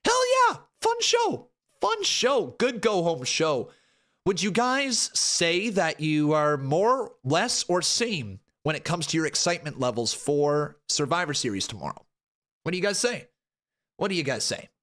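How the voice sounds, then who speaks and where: Male stream host, high bright voice, very animated, excitable and chatty with his audience. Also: moderate pace. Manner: excitable, hollers at big moments; chatty, talks to his chat. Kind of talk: live watch-along commentary.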